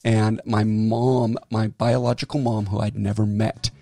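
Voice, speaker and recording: A man who is a pastor, telling a story on a casual podcast in an animated way and acting out the people he quotes. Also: on the low side, measured pace, vocal fry, dry recording. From Southern California. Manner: animated storyteller, acts out quoted voices, laughs often.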